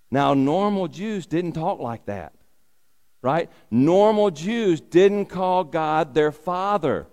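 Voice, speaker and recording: A male pastor preaching slowly and deliberately, echoing his key phrases and posing rhetorical questions. His voice sits a little above the usual male range. A long reverb trails behind him, as in a church sanctuary. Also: a little high, expressive, a little mellow. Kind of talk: sermon.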